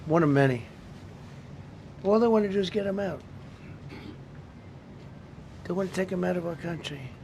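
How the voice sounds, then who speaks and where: Gravelly man giving rambling briefing remarks. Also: high voice, moderate pace, long pauses, noisy background. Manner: rambling, repetitive and emphatic. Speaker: speaker at a press briefing.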